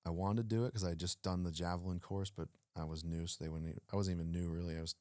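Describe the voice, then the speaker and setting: A fast-talking former Navy SEAL with a low voice is the guest here, recorded at studio quality without echo. In a casual interview he tells a story animatedly, acting out quoted lines and using fillers often.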